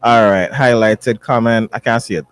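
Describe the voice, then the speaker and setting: A man's voice: mid-range voice, steady tone, normal speed, crowd noise. A man hosting a morning talk radio show, reading listener questions aloud. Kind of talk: casual talk radio banter.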